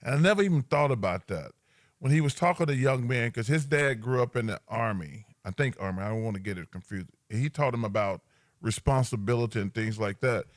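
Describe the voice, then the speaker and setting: A middle-aged man co-hosting a podcast, telling rambling, animated stories with big laughs in casual banter. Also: medium pitch, a little fast, no echo, clean studio sound. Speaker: podcast co-host.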